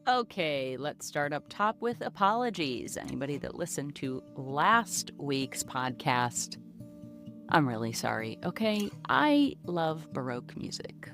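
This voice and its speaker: A woman's voice: deep voice, big pitch swings, a little slow, fairly bright tone, faint music behind. A woman hosting her own podcast alone, chatting casually in a goofy, self-mocking way, recorded in a small closet. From United States. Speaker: podcast host and comedian. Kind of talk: casual solo podcast chat.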